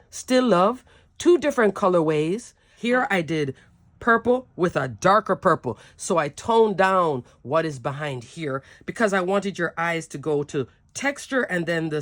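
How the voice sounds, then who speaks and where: Giggly, gushing woman showing off cards. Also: lowish voice. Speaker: papercraft channel host. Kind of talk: casual show-and-tell craft chat.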